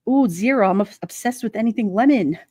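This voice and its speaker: A woman chats on a relaxed livestream, talking straight to her viewers with blunt, playful humor and frequent laughter. Her voice sits a little high, and the sound is close and dry with no room echo. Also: a little fast, slightly rough. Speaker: livestream host. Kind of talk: casual live chat with viewers.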